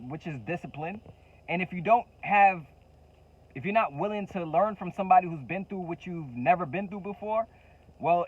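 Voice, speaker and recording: Fervent, higher-voiced motivational man. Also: breathy edge, lo-fi sound. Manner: fervent, repeats key phrases, casual slang. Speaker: entrepreneur coach and channel host. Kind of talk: motivational direct-to-camera talk.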